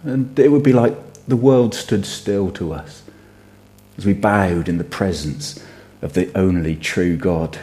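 A middle-aged man delivers a sermon with a low, deep voice and a warm, mellow tone. He preaches earnestly and steadily, leaning hard on key phrases. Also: a little slow.

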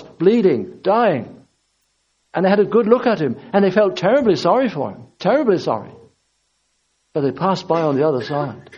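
A man's voice: high voice, darkish tone, husky. A man preaching a sermon with impassioned, repetitive emphasis. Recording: dull lo-fi recording.

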